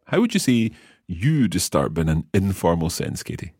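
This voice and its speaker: A man's voice: low-pitched, sing-song, normal speed, darkish tone, breathy edge, no room sound, studio quality. A man teaching a podcast language lesson, explaining patiently step by step and quizzing his learner.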